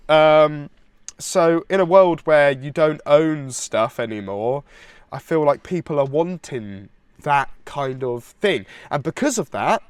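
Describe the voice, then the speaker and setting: A man with a slightly high voice co-hosts a casual music podcast, sounding stuffy and congested from hay fever. He rambles eagerly, restarting sentences, recorded close on a dry, deadened mic. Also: dry recording. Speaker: podcast co-host.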